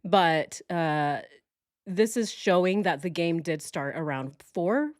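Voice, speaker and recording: Slow-talking incredulous woman commentator. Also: fairly low pitch, lively intonation, no echo, clean studio sound. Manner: incredulous, laughs often. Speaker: true crime commentator. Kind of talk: casual reaction commentary.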